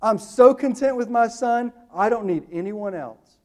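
A man in his thirties preaching a sermon, booming slow on quoted lines and dropping quick and hushed in his asides. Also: animated. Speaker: pastor.

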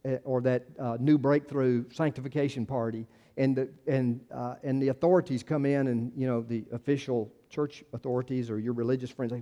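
A man's voice: medium pitch, brisk, few pauses, warm tone, highs cut off. A male pastor, preaching a conversational sermon full of restarts and acted-out quotes.

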